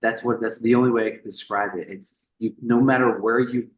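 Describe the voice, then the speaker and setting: A man on a podcast, telling a story in a casual, animated way. He swears freely, repeats words and acts out the people he quotes. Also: medium pitch, a little fast, reverberant, rough recording. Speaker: podcast guest.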